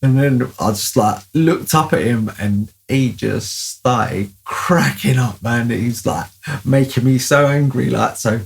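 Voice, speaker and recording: A man's voice: medium pitch, slow, vocal fry. A man telling a childhood story casually, rambling with lots of fillers.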